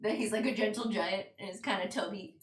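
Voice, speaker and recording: A woman's voice: medium pitch, steady tone, brisk. A woman player chatting playfully about her character, often giggling. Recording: roomy echo.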